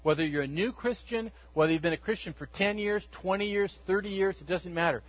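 A man with a high, husky voice preaches a sermon in a relaxed, conversational storytelling way, slipping into the speakers' voices as he quotes them. The sound is dry and a little dull, like a lo-fi church recording. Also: fairly quick, no echo. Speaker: pastor.

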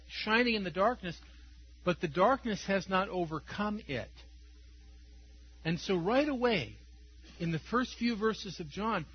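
Male preacher, high-pitched, slightly husky, chatty and chuckling, dull lo-fi sound. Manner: conversational, tells stories with chuckles. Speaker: pastor. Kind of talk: sermon.

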